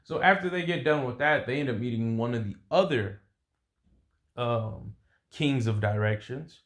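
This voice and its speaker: A man's voice: mid-range voice, moderate pace, reverberant. Rambling young man telling a story. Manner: rambling, with vocal sound effects. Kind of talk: casual improvised storytelling.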